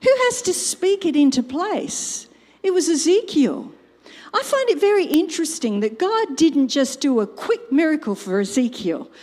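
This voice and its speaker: A woman's voice: high voice, very animated, moderate pace, warm tone. An older woman preaching a sermon, telling a family story and acting out quotes and sound effects. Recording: long hall reverb.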